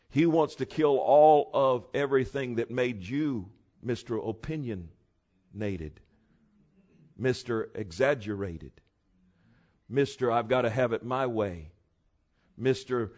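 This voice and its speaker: Preaching man, storytelling with loud peaks. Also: medium pitch, animated, slow pace, pauses often. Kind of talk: sermon.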